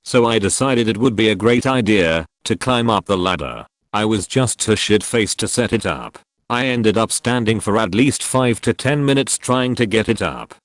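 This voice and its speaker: A man narrating funny drunk stories from an online forum in a casual, deadpan storytelling manner. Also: on the low side, normal speed, no echo. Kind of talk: scripted narration.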